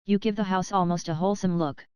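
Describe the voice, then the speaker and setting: A woman reading the lines of a composed, strong former soldier in a storybook, speaking calmly and bluntly. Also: lowish voice, fast, smooth, no room sound, studio quality, close to an everyday voice. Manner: calm, blunt, steady. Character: gruff composed old soldier, big and strong.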